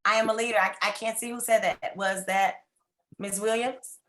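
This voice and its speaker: A woman's voice: medium pitch, fairly even intonation, moderate pace, fairly bright tone. A woman giving a fervent, preacher-like motivational talk, coaxing listeners on a video call. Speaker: speaker at a women's symposium.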